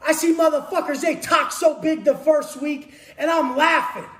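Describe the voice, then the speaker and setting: A man giving a profane, aggressive motivational rant, taunting his listeners and often shouting. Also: very high voice, steady tone, moderate pace. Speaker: motivational speaker. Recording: echoey room.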